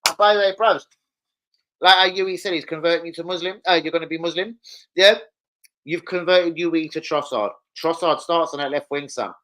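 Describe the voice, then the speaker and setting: A young man hosting a casual football live stream, excitable, swearing and calling out viewers by name. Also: on the high side, moderate pace. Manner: excitable, swears, calls out chat names.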